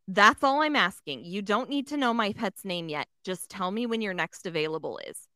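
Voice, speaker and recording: A woman's voice: mid-range voice, animated, normal speed, sharp tone, no room sound, clean studio sound. A woman telling a story in casual chat, swearing often, filling with "like" and acting out the other voices. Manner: swears a lot, fills with "like", acts out voices.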